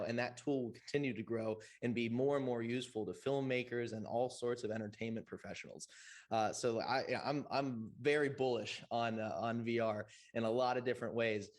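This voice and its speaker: Eager, halting man on a panel. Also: medium pitch. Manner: enthusiastic, halting, heavy with fillers. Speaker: VR game developer on a panel. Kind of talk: convention panel discussion.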